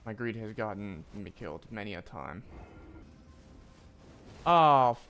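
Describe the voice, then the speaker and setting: A man's voice: lowish voice, fairly quick, slight background noise. A man streaming a video game, muttering and swearing at it, with frustrated outbursts and jokes at his own expense. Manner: swears a lot, frustrated outbursts and self-mockery; mutters to himself between loud yelps. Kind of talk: live gameplay commentary.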